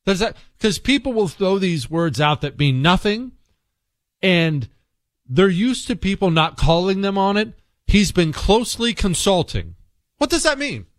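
A man hosting a talk radio show, speaking bluntly and sarcastically, swinging between low mutters and loud outbursts. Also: animated, a little slow, dry recording, clean studio sound. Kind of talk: opinionated talk radio monologue.

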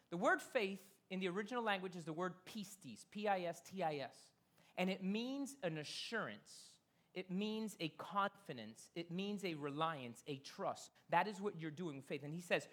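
Bright-voiced man preaching a conversational sermon. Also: high voice, lively intonation. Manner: conversational, emphatic preaching with slowed key phrases. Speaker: pastor. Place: church sanctuary.

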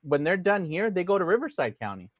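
A man's voice: high voice, sing-song, fast, no echo, phone-quality sound. A man hosting a casual podcast, chatting and laughing often with his guest. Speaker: podcast host.

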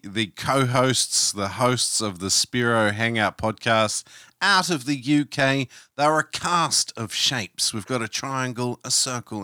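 An Australian man putting on a slow, formal BBC announcer voice to introduce guests. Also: medium pitch, bright, forceful tone, smooth, no room sound, studio quality. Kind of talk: mock broadcast introduction.

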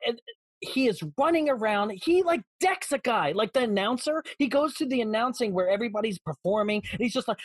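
A husky-voiced woman co-hosts a podcast and retells a film with comic outrage. Her voice swings up and down with life, and the sound is dry and close. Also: fairly high pitch, fairly quick, dry recording. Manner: animated storyteller, swears and acts out characters. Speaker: podcast co-host. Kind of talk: comedic movie recap.

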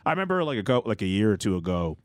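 A man's voice: fairly low pitch, very animated, very fast, dry recording. A man co-hosting a sports radio show in a studio, telling stories in a rambling way with many fillers. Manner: rambling, filler-heavy storytelling. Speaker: radio co-host. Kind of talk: casual sports radio chat.

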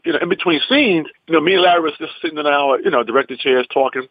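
A man's voice: on the high side, fast, no echo, dull audio. A male comedian from the US East Coast telling an anecdote in punchy bursts, often tossing in "man". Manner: animated, punchy, repeats "man". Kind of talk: storytelling anecdote.

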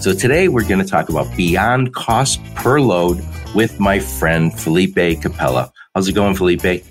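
Deep-voiced male podcast host. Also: a little slow, faint music behind. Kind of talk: conversational podcast interview.

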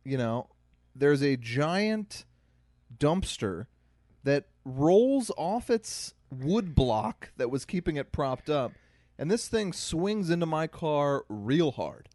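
A man's voice: fairly high pitch, very animated, slow, darkish tone, no room sound, clean studio sound. A man co-hosting a podcast, telling stories in an exasperated, casual way. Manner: storytelling, exasperated. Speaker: podcast co-host. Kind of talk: casual chat.

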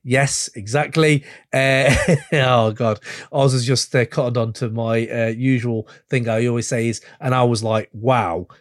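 A man's voice: medium pitch, fairly even intonation, a little slow, dry recording, studio quality. A man hosting a podcast, chatting in a rambling, enthusiastic way and swearing freely. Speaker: podcast host. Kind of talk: casual chat.

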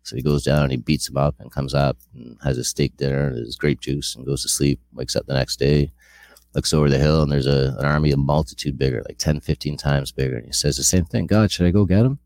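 A man's voice: a bass voice, level tone, a little fast, darkish tone. A middle-aged man sharing a candid personal testimony, earnest and rambling with frequent restarts.

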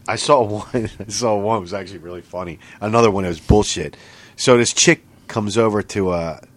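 A man cohosting a casual podcast chat, swearing a lot and laughing while he tells stories. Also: fairly low pitch. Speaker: podcast co-host.

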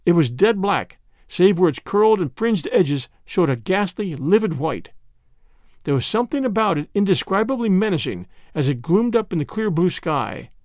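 A man narrating a storybook in an expressive reading. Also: high voice, normal speed, no room sound, studio quality. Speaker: audiobook narrator. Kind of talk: scripted narration.

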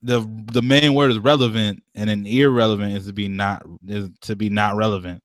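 A man's voice: fairly low pitch, steady tone, brisk, no echo. Man, casual podcast chat, slangy, curses a lot, dry close sound. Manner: slangy, swears a lot, laughs often.

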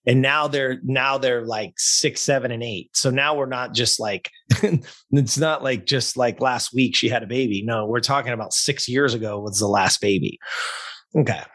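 A man working as a fitness and life coach, telling a story in a podcast interview in a blunt, profane, energetic way. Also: medium pitch, moderate pace.

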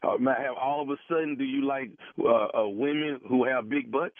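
A man's voice: medium pitch, fairly even intonation, normal speed, dry recording. A man making a prank phone call, posing as a grieving brother, pushy and repeating himself with stammering restarts. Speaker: prank caller. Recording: tinny phone line, dry.

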